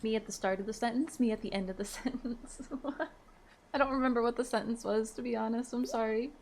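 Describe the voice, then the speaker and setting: A woman's voice: fairly high pitch, fairly even intonation, a little fast, darkish tone, slight background noise. A woman in her thirties casually chatting with viewers on a live stream, laughing easily and reading their messages aloud. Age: 30s.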